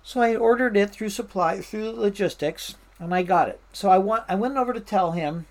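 In a mid-range voice, a Washington State firefighter chats through her memories of the job as an interview guest. She keeps it loose and lively, often breaking off and starting over, padding pauses with fillers, and mimicking whoever she's quoting.

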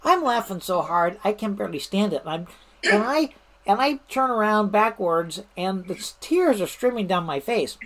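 Speaking at a normal speed in a medium-pitched voice, a middle-aged woman who worked her whole career in the fire service, retiring as a manager, shares casual anecdotes. She's clearly enjoying herself, laughing mid-story and frequently starting sentences over.

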